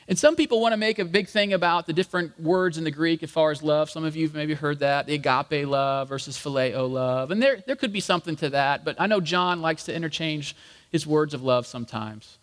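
A man with a fairly high voice preaching a relaxed, jokey sermon. He talks to the congregation like old friends and acts out the quoted voices. A long reverb trails his words around the hall. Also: fairly quick. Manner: casual, jokey, addresses the congregation as guys. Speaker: pastor. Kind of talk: conversational sermon.

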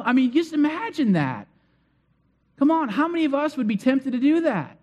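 A man's voice: very high-pitched, very animated, moderate pace, a little mellow. A man preaching a sermon and retelling a story in a conversational way, acting out the figures' lines. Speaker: pastor.

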